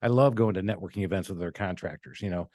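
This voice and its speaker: A man's voice: deep voice, quick pace, a little mellow, no echo, studio quality. A middle-aged man hosting a casual podcast, a blunt business owner who swears freely and tells stories with energy.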